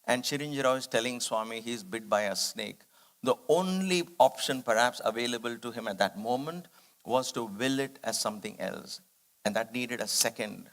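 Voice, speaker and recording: A man's voice: mid-range voice, moderate pace, a bit bright. Earnest man telling a devotional story. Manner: earnest, reflective, acts out quoted dialogue. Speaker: study circle speaker.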